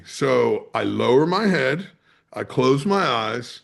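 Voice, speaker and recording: Gravelly-voiced man telling a wild story. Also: medium pitch, lively intonation, takes it slowly. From Maryland's Eastern Shore, USA. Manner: vivid storyteller, swears freely, acts out quotes. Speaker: charter captain, podcast guest. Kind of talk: conversational storytelling.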